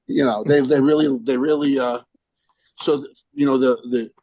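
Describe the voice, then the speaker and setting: In a mid-range voice with a breathy edge and normal speed, a guest musician on a podcast animatedly relates a rambling anecdote, mimicking those he quotes and restarting along the way. The low-quality audio has no room sound.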